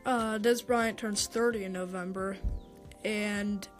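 A young woman giving her opinions on sports in a casual, unscripted monologue. She talks slowly in a flat, even voice and stumbles over her words with fillers and restarts. Faint music plays behind her. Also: mid-range voice. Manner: hesitant, many fillers and restarts. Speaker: sports talk host.

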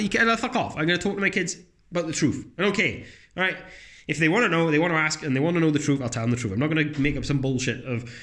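A young man rattling through a solo podcast at a fast clip, with a fairly high voice for a man. He is blunt and swears freely, and every so often slips into mocking put-on voices. The talk is loose and casual. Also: expressive, sharp tone. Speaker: podcast host.

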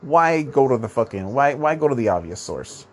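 On his own podcast, a man with a medium, sing-song and somewhat nasal voice rambles through a monologue at normal speed. He swears often and keeps restarting his sentences.

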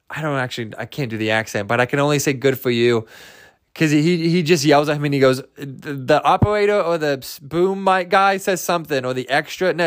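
A man talks on his own in a loose, rambling podcast monologue. His voice sits a bit higher than most men's. He swears freely, jokes at his own expense and keeps restarting his sentences. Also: a bit bright. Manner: loose, profane, jokey, with many fillers and restarts. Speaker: podcast host.

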